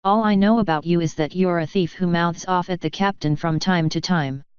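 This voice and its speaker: A woman's voice: on the low side, normal speed, smooth, no room sound, natural voice. A woman voicing a friendly, curious young female pony mechanic who asks eager questions; dull lo-fi recording.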